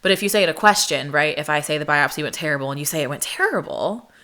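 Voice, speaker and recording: A young woman hosting a podcast, telling a story in casual chat, full of "like" fillers and quoting people in higher, sharper voices. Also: very fast, pushed and bright. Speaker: podcast host.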